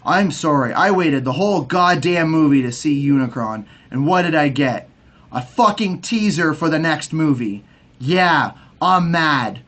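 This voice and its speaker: A young man with a rather high voice rants through a casual video review. He swears freely and keeps tripping over his own words, restarting again and again in a heated, stammering rush. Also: animated, unhurried, a bit bright. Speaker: movie reviewer.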